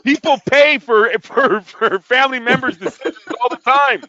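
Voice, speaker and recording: A man in his thirties telling animated stories in casual chat, swearing heavily. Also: very high-pitched, normal speed, no echo, lo-fi sound. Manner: animated storytelling, heavy swearing. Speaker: podcast co-host.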